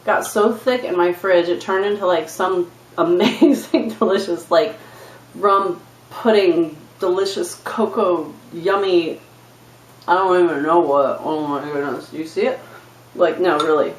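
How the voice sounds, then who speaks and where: A woman's voice: lowish voice, normal speed. Gushing, giggly woman in a roomy space. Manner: gushing, giggly, playful, self-mocking. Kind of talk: casual chat to camera. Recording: roomy, from a distance.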